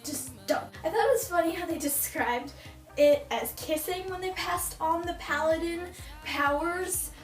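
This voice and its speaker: A woman's voice: very high voice, normal speed. A teenage girl giving a casual book review, exasperated and ranting, mocking the characters in put-on voices. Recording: echoey room, far from mic, faint music.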